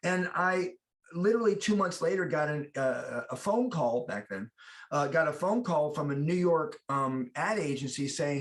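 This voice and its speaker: A middle-aged American man being interviewed as an actor, chatting casually and telling animated stories with lots of restarts. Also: on the high side, normal speed. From United States. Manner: animated storyteller, acts out quoted voices, many restarts. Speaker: guest actor.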